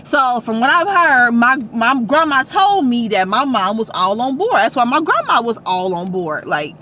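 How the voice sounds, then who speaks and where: Young woman telling a story on her vlog, bright voice, swoops up and down a lot. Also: on the high side, moderate pace, slight background noise. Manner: animated, emphatic retelling. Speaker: vlogger. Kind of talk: casual storytelling.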